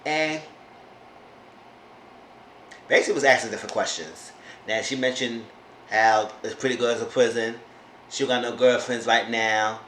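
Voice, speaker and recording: Guy recapping a reality show, animated, keeps talking back to the cast, echoey room, faint hiss. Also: medium pitch, unhurried, long pauses. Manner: animated, talks back to the characters. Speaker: YouTube reality-TV reviewer. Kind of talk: casual chat recap. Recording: roomy echo, faint background noise.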